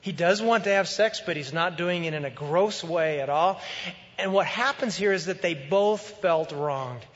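A man preaching a sermon as pastor, in a conversational, animated way. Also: high voice, moderate pace, long reverb tail, highs cut off.

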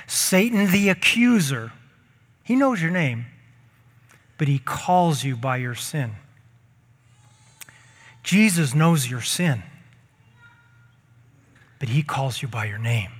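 A man's voice: a little high, lively intonation, slow, pauses often, breathy edge, long reverb tail. A man preaching a sermon as pastor, speaking emphatically, repeating key phrases and leading the congregation to speak lines back. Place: church sanctuary.

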